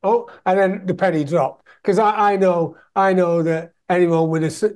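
A man's voice: high voice, fairly even intonation, normal speed, a little mellow. A man from England hosting an interview, chatting casually and recapping his guest's stories. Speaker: interviewer, host.

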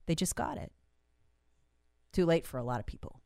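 A woman's voice: deep voice, sing-song, normal speed, gravelly, dark tone, no room sound, studio quality. A woman, hosting and delivering an angry, emphatic monologue full of rhetorical questions. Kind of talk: impassioned monologue.

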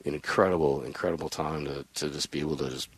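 A middle-aged man with a very deep voice talks football business on a radio show. He rambles and restarts his sentences often. His voice is recorded close and dry, with no room sound. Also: steady tone, fast talker, slightly rough, dry recording. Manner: rambling, with many restarts, and laughs while telling family stories. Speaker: football team general manager. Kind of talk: casual radio interview chat.

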